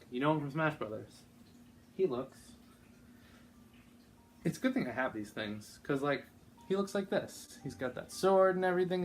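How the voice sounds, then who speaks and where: Excitable man gushing over sad games. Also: mid-range voice, a little hiss or hum. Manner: excitable, gushing, rambling with many fillers. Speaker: YouTuber. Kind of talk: casual gaming vlog.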